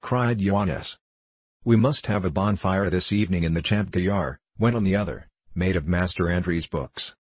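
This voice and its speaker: A man reading a classic novel aloud as audiobook narration, in a steady even manner. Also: deep voice, moderate pace, husky, no echo. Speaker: audiobook reader. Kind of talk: scripted narration.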